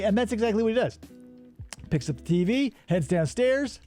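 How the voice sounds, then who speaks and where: With a high, brisk voice and faint music behind him, a male podcast co-host recaps a movie while working. He's an animated, casual storyteller who performs the characters' lines.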